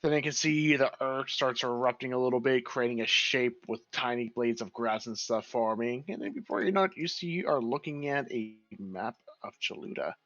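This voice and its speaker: A man's voice: mid-range voice, moderate pace, few pauses, a bit bright, no room sound, lo-fi sound, soft background music. A man narrating as the game master of a tabletop game, describing scenes steadily.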